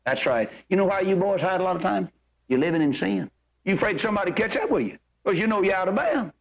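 High-voiced older preacher. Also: male voice, animated, fast, highs cut off. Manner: folksy, storytelling, exhorting. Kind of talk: sermon.

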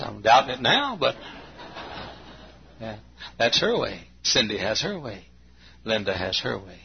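A man in his late fifties preaching a sermon, folksy and storytelling, with a gravelly voice. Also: sing-song, normal speed, long pauses, lo-fi sound. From Texas. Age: 50s. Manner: folksy, acts out anecdotes with bursts of high imitation and laughter.

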